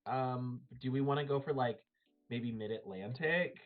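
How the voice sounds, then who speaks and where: A man's voice: medium pitch, a little slow. A man playing in a tabletop game, chatting and thinking aloud with lots of fillers. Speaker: player. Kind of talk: casual tabletop game planning. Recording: tinny, phone-like stream audio.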